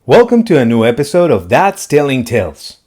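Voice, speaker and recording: A man hosting a children's book read-aloud, with a gentle, upbeat manner. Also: medium pitch, big pitch swings, brisk. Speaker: storybook reader, host.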